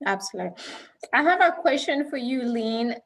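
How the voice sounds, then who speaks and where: A woman's voice: on the high side, animated, normal speed, a bit bright. A woman hosting a panel talk show, prompting her guests with questions. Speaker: host.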